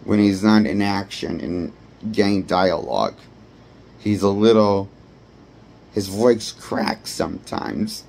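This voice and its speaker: A man's voice: fairly low pitch, expressive, slow pace, creaky, a little mellow. A man giving a rambling, blunt and profane movie review. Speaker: movie critic. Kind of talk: ranting film review.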